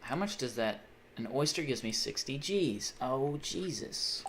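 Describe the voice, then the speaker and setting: Young male streamer, mid-pitched voice, loose, profane chat-reading delivery over faint background hum. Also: lively intonation, moderate pace, fairly bright tone. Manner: rambling, swears often, reads chat aloud. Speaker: livestreamer. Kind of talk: casual live-stream chat.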